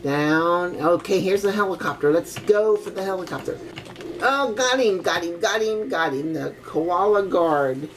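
A woman's voice: fairly low pitch, unhurried, a little hiss or hum. An older grandmother casually commenting as she plays a video game, chatty and exclamatory, with old-fashioned oaths and frequent giggles. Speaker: gaming grandmother.

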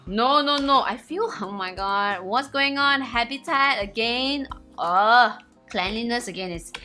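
Girl doing game commentary, super bouncy pitch, bright voice, bit of game music under it. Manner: excitable, squealing highs and gasps. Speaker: gaming channel host. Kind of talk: let's play commentary. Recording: faint game music behind.

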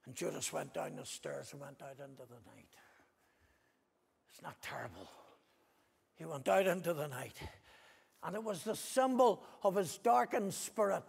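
A man with a Northern Irish accent preaching an impassioned sermon, rising to loud cries and dropping to hushed repetitions. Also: on the high side, expressive, moderate pace, gravelly, long pauses, breathy edge. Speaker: pastor. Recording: long hall reverb.

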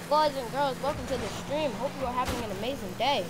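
A woman streaming a car football game live, commenting excitedly and shouting at her teammate. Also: high-pitched, quick pace, few pauses, background noise.

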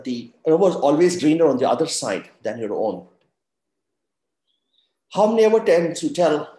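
Middle-aged male webinar speaker, emphatic motivational style, raised pitch, roomy echo. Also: dark tone. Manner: emphatic, asks the audience questions. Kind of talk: motivational talk.

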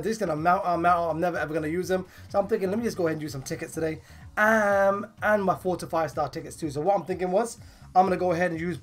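A woman with a hoarse, partly lost voice giving casual commentary on her game pulls, excitable and bursting into laughs and shouts. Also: fairly low pitch. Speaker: gaming channel host.

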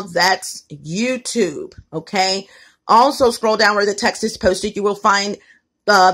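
Filming on her phone in her home kitchen, a woman with a slightly high, fairly bright voice vlogs casually. She talks emphatically, repeats herself, and addresses her viewers directly.

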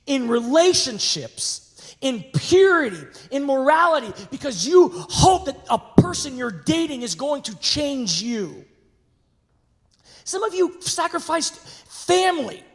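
A male pastor preaching a sermon, animated, swinging from hushed words to shouting. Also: very high-pitched. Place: large church sanctuary. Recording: reverberant church hall.

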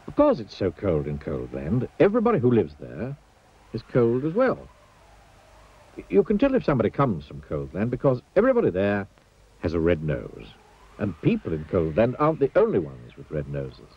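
Male storybook narrator, husky voice, very lively sing-song swings, muffled lo-fi sound. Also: on the low side, normal speed. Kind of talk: storybook reading for children.

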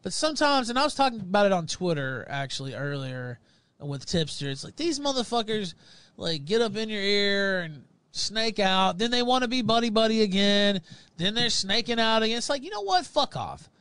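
A man's voice: sits high, animated, moderate pace, fairly bright tone, clean tone, no echo. A man hosting a livestream show, ranting angrily with heavy swearing and insults. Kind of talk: profane ranting talk.

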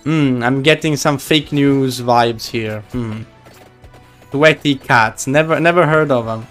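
A man's voice: medium pitch, slow pace, fairly bright tone, soft background music. A man streaming a game live, chatting casually and teasing his viewers in a playful way.

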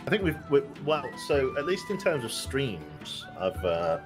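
A man's voice: mid-range voice, big pitch swings, measured pace, over music. A man chatting casually on a game stream, stumbling and restarting his sentences with fillers. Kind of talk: casual chat.

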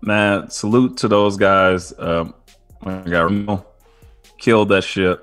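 A man's voice: on the low side, steady tone, slow, fairly bright tone, faint music behind. A man co-hosting a podcast, telling stories in a laid-back, laughing, profane way. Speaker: podcast co-host. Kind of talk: casual chat.

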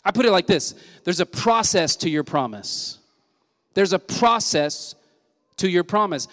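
A male senior pastor from Southern California, with a high-pitched, fairly bright voice and lively intonation, preaches an energetic but unhurried sermon. He uses punchy repetition and call-and-response with the congregation, recorded with long reverb in a church sanctuary.

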